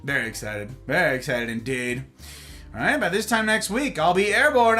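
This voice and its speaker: A man's voice: on the high side, moderate pace, sharp tone, soft background music. A man hosting a casual live stream from his home office, playfully greeting viewers by name and chatting with them. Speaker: livestream host.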